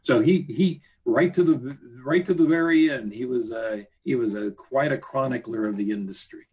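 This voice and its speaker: A man being interviewed, reminiscing in a halting way with repeated words and many fillers. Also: medium pitch, darkish tone. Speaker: interview guest, trade journalist.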